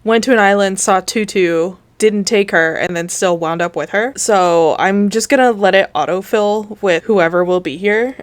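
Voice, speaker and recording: A woman's voice: medium pitch, moderate pace, no room sound. Tired woman rambling through a story. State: tired, low energy after an emotional day. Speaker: gaming video host. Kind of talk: casual chat while playing a game.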